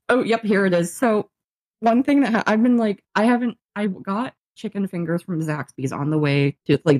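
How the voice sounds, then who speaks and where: A young woman of medium pitch tells a story while co-hosting a podcast. The chat is casual, and she's lively, laughing often and cursing without restraint.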